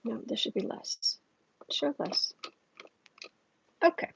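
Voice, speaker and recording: A woman hosting a casual psychic tarot livestream at home, chatting with viewers and pausing often with fillers. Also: fairly high pitch, animated, creaky, a little hiss or hum. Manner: chatty, answers viewers' chat, halting with fillers. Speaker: tarot reader and livestream host. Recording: dull lo-fi stream audio.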